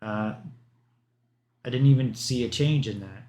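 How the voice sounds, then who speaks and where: A male streamer with a medium-pitched, warm voice reads patch notes on a livestream at an unhurried pace. Casual and rambling, he rattles off lists of stats and breaks off for offhand asides.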